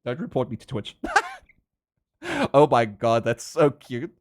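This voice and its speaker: A man, chatting casually with his live-stream viewers while drawing, laughing often and getting animated. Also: mid-range voice, measured pace.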